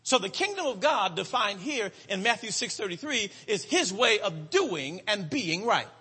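High, lively preacher with hall reverb. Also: male voice, husky. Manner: rhythmic preaching cadence, drawn-out emphatic words, calls to the congregation. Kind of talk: sermon.

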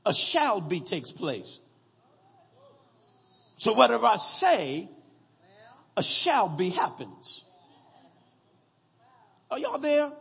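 A man preaching a sermon, slowly reading scripture aloud and calling out to his congregation for answers. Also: sits high, huge pitch swings, creaky, fairly bright tone, slightly rough, big-room sound.

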